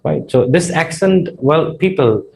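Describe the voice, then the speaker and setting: A man's voice: a little high, expressive, measured pace, creaky, a little mellow, a little hiss or hum, rough recording. A man with a partly Australian accent, giving a spoken English lesson as a tutor in an earnest, conversational way, with frequent "you know" fillers.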